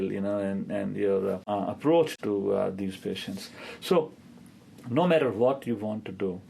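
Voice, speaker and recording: A man's voice: on the low side, gravelly, dark tone, slightly rough. A man in his fifties, a rheumatologist, answering interview questions and telling stories with a hesitant delivery full of filler sounds.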